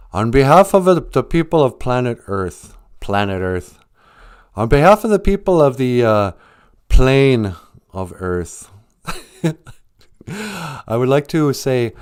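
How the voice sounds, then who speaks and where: A man's voice: medium pitch, a little mellow. A man hosting a livestreamed podcast, chatting in a teasing, mock-serious way. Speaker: podcast host. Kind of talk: joking livestream chat. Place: home livestream.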